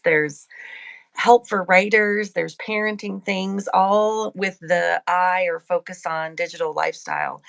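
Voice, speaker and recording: A woman's voice: medium pitch, creaky, a bit bright. A woman co-hosting a live audio chat room as a magazine editor, cheerful and enthusiastic.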